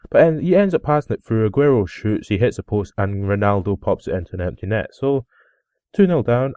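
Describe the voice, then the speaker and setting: A young man giving casual, rambling commentary over his own football game footage, with excited outbursts. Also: lowish voice, dry recording. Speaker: gaming video host.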